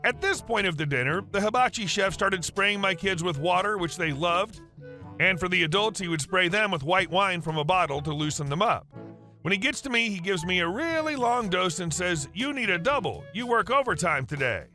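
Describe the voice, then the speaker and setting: A man with a high, bright voice narrates reddit stories in a brisk, even, scripted delivery. Soft music plays faintly underneath.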